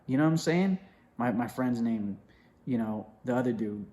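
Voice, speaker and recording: A young man telling a story in a casual, animated way, acting out what others said, with many fillers and restarts. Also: medium pitch, moderate pace.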